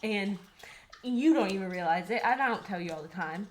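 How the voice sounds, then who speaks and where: A woman's voice: medium pitch, lively intonation, moderate pace, slight background noise. A young woman co-hosting a faith podcast, talking earnestly and a little out of breath, with lots of filler words as she works through her thoughts. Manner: earnest, rambling with many "like" fillers. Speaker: podcast co-host. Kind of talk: casual faith conversation.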